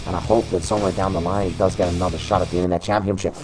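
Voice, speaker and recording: Excitable low-voiced wrestling commentator, man. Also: rapid-fire, hardly any pauses, faint music behind, rough recording. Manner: shouts names over and over in bursts of excitement.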